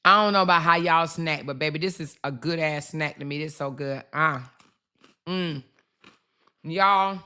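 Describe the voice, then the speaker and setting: A woman's voice: on the low side, sharp tone. A woman, hosting a casual livestream, brash and profane, calling her viewers y'all and honey. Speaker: livestream host.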